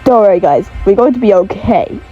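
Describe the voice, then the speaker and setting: A woman's voice: medium pitch, lively intonation, fairly quick, lo-fi sound, faint music behind, lightly acted. A woman voicing a brave, firm young animal heroine in a homemade story.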